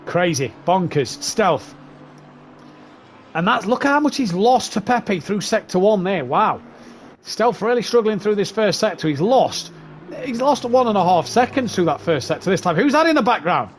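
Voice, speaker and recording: A man's voice: high voice, big pitch swings, normal speed, slight background noise. A man commentating a sim race, chatty as he runs through positions and gaps.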